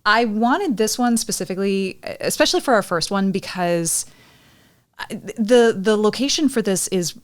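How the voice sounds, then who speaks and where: A woman co-hosting a casual podcast, chatty and blunt, quick to tease her co-host. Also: mid-range voice, animated, dry recording. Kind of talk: casual chat.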